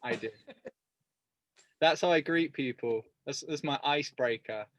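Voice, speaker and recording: Deadpan man, dry close sound. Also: medium pitch, unhurried, no echo. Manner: deadpan absurd jokes, agreeable interjections. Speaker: podcast co-host. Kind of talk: casual chat.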